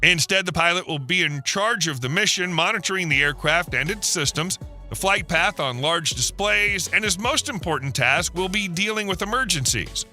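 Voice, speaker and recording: A man reading a scripted documentary narration in a steady, explanatory way, posing rhetorical questions to the viewer. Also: high-pitched, normal speed. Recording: voice-over with faint music behind.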